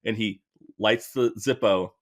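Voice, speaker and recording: A man in casual podcast chat, a relaxed storyteller who retells scenes with many fillers. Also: fairly low pitch, a little slow.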